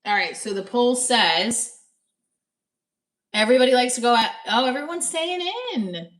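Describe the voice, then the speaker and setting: A woman's voice: on the high side, expressive, moderate pace, a bit bright, reverberant, rough recording. A woman comedian with a New Jersey accent, chatting casually on a live stream, blunt and profane, reading viewer comments aloud.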